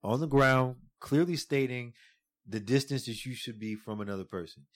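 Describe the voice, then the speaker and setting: A man's voice: mid-range voice, normal speed. A young man casually telling a story among friends, swearing freely and acting out what people said. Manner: animated storyteller, swears a lot, acts out quotes loudly. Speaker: podcast co-host telling a story. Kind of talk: casual chat.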